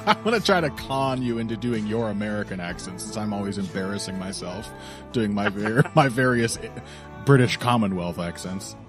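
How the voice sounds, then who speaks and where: A man hosting a podcast in relaxed, chatty talk, laughing often. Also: on the low side, normal speed, over music. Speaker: podcast host. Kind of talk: casual podcast chat.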